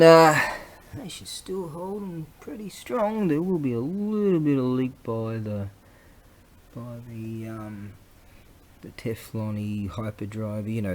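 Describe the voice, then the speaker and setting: A man's voice: medium pitch, slight background noise. Rambling, laughing man in a workshop. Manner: chatty, rambling, laughs often, mutters asides. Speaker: vlogger. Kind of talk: rambling casual workshop chat.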